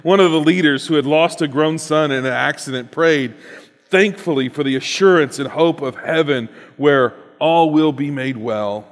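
A man's voice: a little high, normal speed, in a large hall. A man reading a written personal story aloud in an earnest, reflective way, then reflecting on it as host.

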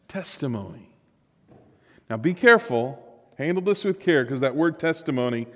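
A man preaching a Sunday sermon as pastor, earnest and animated, often restarting his phrases. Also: fairly high pitch, in a large hall.

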